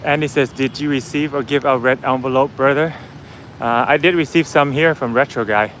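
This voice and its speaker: A man's voice: mid-range voice, fairly even intonation, moderate pace, a bit bright, slight background noise, poor audio. Chatty man on a city street. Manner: chatty, laughs easily, talks to viewers. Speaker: vlogger. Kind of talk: casual walking vlog. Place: outdoors on a busy city street.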